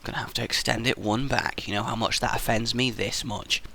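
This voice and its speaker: A man's voice: medium pitch, fairly even intonation, a little fast, vocal fry, pushed and bright, a little hiss or hum. A young man casually rambling and swearing through commentary while building in a game, mocking himself as he goes. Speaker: gaming channel host. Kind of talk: casual let's play commentary.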